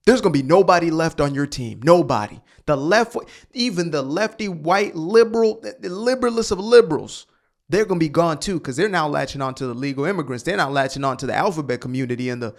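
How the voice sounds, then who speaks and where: A man's voice: on the high side, lively intonation, a little fast, gravelly. A man hosting a commentary channel, ranting heatedly with rhetorical questions and swearing. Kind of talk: reaction commentary rant.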